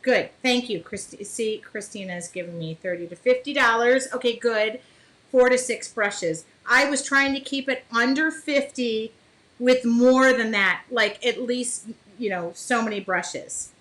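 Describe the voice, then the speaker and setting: A woman's voice: a little high, measured pace, fairly bright tone, rough recording. A woman hosting a casual live painting demo, chatting with viewers by name and apologizing for small slips as she works. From Michigan.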